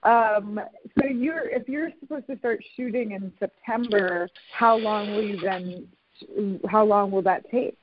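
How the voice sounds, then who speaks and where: A podcast host in casual conversation, talking haltingly with many fillers and restarts. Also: medium pitch, slight background noise. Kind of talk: casual conversation over a call. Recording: tinny phone-like line, dry.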